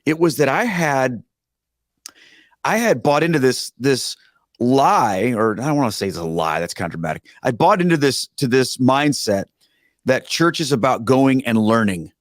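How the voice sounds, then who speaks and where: An earnest middle-aged man speaks as a guest, building his points with emphasis and lively asides. His voice sits at an ordinary pitch and is recorded close and dry, with no room sound. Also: normal speed, no echo. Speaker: guest, former pastor. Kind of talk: conversational storytelling.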